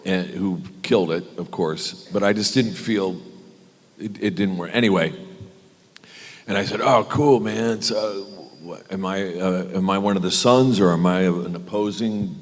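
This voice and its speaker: A middle-aged American man, a guest on a convention panel, telling anecdotes in an animated way, mimicking other people and often laughing. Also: low voice. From United States. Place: large convention hall. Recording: convention hall reverb.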